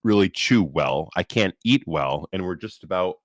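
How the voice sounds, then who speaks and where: A man's voice: deep voice, animated, moderate pace, dry recording. A man co-hosting a podcast in casual chat, talking with a slight lisp from new braces and rambling with restarts. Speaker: podcast co-host.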